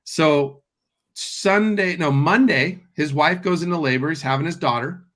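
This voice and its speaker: A man with a voice on the higher side for a man tells a story in a casual conversation. He is a guest real estate investor, and his delivery is lively and anecdotal as he acts out the back-and-forth of each exchange. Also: measured pace.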